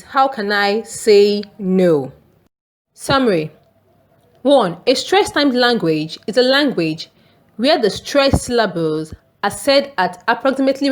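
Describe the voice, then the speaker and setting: Slow, careful woman teacher. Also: a little high. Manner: slow, deliberate, careful enunciation. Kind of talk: scripted lesson reading.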